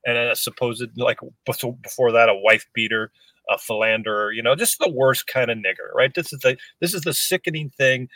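A man's voice: medium pitch, fairly quick, pushed and bright, no room sound, poor audio. A man co-hosting a podcast over an online call, talking emphatically with many restarts. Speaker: podcast co-host. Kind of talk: casual chat.

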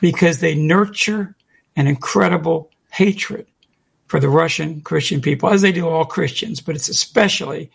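Gravelly husky man, emphatic co-host. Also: a little high. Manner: emphatic, deliberate, repeats key phrases. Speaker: co-host of a call-in show. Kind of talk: talk show monologue.

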